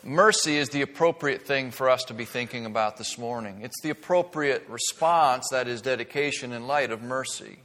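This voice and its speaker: A man's voice: medium pitch, moderate pace, few pauses. Male pastor, earnest preaching, mid-range voice, long church reverb. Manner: earnest teaching, rising emphasis and hushed asides. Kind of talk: sermon. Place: church sanctuary.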